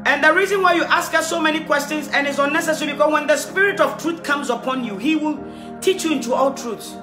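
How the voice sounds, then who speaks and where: A woman preacher giving an impassioned livestreamed sermon, rising to loud exhortation. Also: high voice, quick pace. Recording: roomy livestream audio, faint music.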